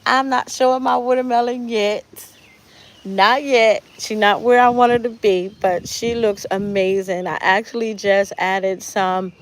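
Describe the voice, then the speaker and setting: A chatty woman walks through her garden outdoors, speaking into a phone she carries. Her middle-pitched voice sounds heartfelt and thankful as she points things out to her viewers. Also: steady tone, a little slow. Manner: chatty and heartfelt, often speaks of prayer and gratitude. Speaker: gardening channel host. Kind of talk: casual live garden tour.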